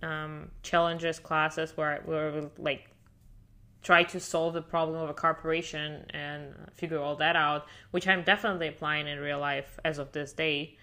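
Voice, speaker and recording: Low-voiced and fairly flat in pitch, this Miami-based podcast guest talks at a moderate pace with a pushed, bright quality. Having learned English as an adult, she speaks fluently, sharing her story in a chatty way peppered with "like."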